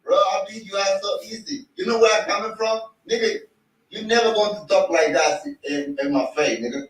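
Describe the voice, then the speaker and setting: A man's voice: high voice, a little fast, heavy reverb, recorded from a distance, rough recording. A man arguing on a video call, aggressive and profane, making threats in broken English phrasing. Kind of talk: heated argument.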